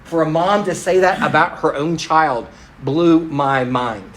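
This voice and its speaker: A man's voice: on the high side, a little slow, a bit bright, roomy sound, poor audio. A middle-aged man giving a conversational storytelling sermon to a congregation, speaking to the crowd directly and poking fun at himself. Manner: conversational and self-deprecating, addresses the crowd directly. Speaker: pastor.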